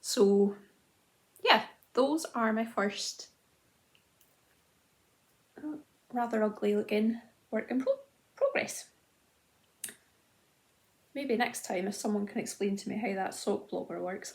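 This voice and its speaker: A woman's voice: medium pitch, unhurried, pauses often. A woman in her thirties chatting casually to camera as host of a knitting video journal, self-deprecating, with frequent ums and restarts. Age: 30s.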